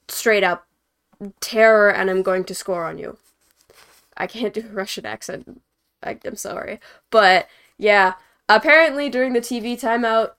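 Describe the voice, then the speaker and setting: This hockey podcast host is a young woman with a mid-range, slightly bright voice that comes across clear and resonant. She talks through the post-game show in a loose, rambling way, leaning on fillers and chuckling between thoughts.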